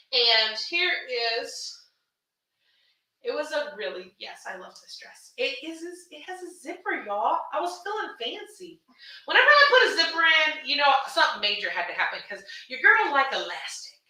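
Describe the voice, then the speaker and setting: A woman from Houston talks through her gowns on a livestream, lively and affectionate, calling viewers baby and honey. Her voice is bright and a little high. She sounds set back from the mic in a very echoey room. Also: far from the mic. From Houston, Texas. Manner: animated, chatty, calls viewers baby and honey. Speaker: fashion designer selling her gowns on a livestream. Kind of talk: casual livestream sales chat.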